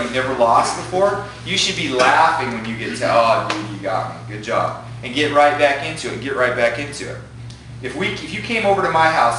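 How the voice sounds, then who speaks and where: Animated jiu-jitsu instructor in an echoey gym. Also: male voice, mid-range voice, slight background noise. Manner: excitable, profane, acts out students' thoughts. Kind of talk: animated talk to a class. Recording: echoey room from a distance.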